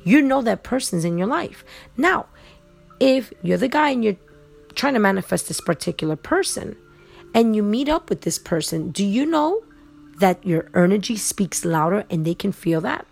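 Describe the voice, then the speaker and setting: A woman's voice: mid-range voice, big pitch swings, normal speed, vocal fry, darkish tone, faint music behind. A woman hosting a podcast alone, giving an earnest, insistent motivational talk that repeats its points. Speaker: podcast host. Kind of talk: motivational monologue. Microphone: podcast microphone.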